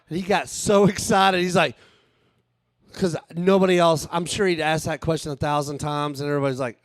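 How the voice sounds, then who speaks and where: A man's voice: fairly high pitch, steady tone, fairly quick, dry recording, clean studio sound. A man doing a rambling, crude stand-up set on a live stage, laughing at his own jokes. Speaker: stand-up comedian and author.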